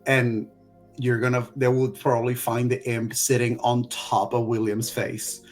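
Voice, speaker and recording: Male player, mid-pitched voice, casual rambling, faint music behind. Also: flat delivery, a little slow. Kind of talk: casual table talk.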